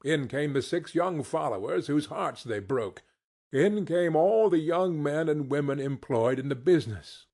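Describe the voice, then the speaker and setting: Guy reading an old classic novel, slow and lively in tone, kinda husky. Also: on the high side. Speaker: audiobook narrator. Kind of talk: scripted narration.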